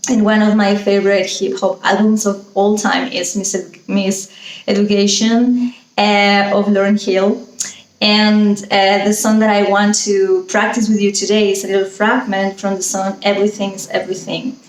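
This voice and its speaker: A woman's voice: medium pitch, little pitch movement, normal speed, echoey room, low-quality recording. A woman with a Spanish accent, a native Spanish speaker, teaching English pronunciation in an enthusiastic, rambling way with many fillers. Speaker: pronunciation coach. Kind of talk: teaching monologue.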